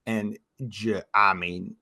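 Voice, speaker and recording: A man co-hosting a casual podcast as a youth baseball coach, telling animated stories about his players. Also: lowish voice, takes it slowly, vocal fry, no echo, studio quality. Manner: animated storytelling, quoting players.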